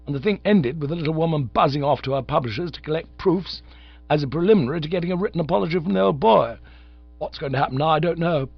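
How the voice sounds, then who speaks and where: A man reading an audiobook, voicing a flustered, excitable young gentleman who talks in an agitated rush, higher and louder than the narration. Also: gravelly, no room sound, muffled recording. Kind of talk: audiobook character voice.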